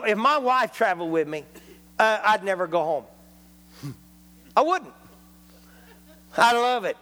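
A man's voice: high-pitched, a bit bright, big-room sound. A man preaching a folksy, joking sermon in a church, dropping frequent amens. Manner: folksy, jokey, punctuated with amens. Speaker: traveling preacher.

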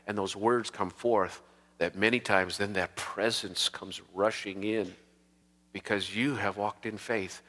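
A man's voice: mid-range voice, bright, forceful tone, in a large hall. A man preaching as a pastor, emphatic and given to repeating words for stress. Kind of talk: sermon.

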